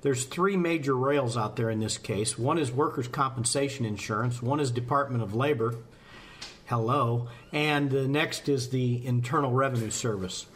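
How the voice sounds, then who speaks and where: A man's voice: mid-range voice, normal speed, fairly bright tone. Folksy rambling American man. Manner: folksy, rambling, jokes at himself. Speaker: fire service presenter. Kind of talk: casual podcast talk.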